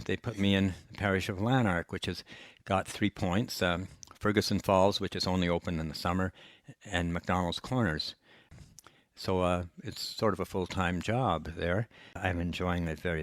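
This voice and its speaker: An older man, a priest giving a gentle, folksy personal testimony that is often broken by soft chuckles. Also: low-pitched, dry recording, studio quality.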